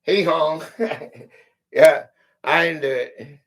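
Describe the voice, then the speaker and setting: A man's voice: a little high, slow pace, fairly bright tone, recorded from a distance. A man with a Southern US country drawl hosting a live quiz stream, chatting loosely with viewers and reading questions aloud. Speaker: quiz livestream host. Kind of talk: casual livestream chat.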